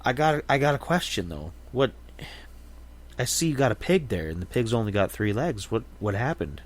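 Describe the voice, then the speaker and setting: A man's voice: medium pitch, expressive, normal speed, close to an everyday voice. A man voicing a curious city businessman who asks eager, stumbling questions in a raised voice.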